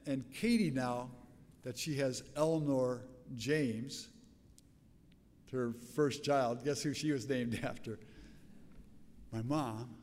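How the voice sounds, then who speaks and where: An older man, a pastor with a raspy voice, preaching a sermon in a conversational, storytelling way with frequent restarts. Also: mid-range voice, a little mellow, in a large hall.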